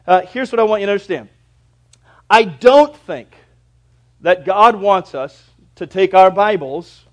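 A man delivers a sermon from the pulpit in a fairly high voice. He preaches emphatically, swelling loud on key points and dropping almost to a murmur elsewhere. His delivery is earnest and driving. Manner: preachy, emphatic, dramatic swings in loudness. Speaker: pastor.

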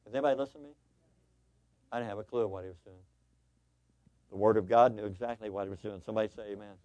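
A man preaching a sermon as pastor, telling a story with animated voices before turning earnest and exhorting his congregation. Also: fairly low pitch, quick pace, no room sound.

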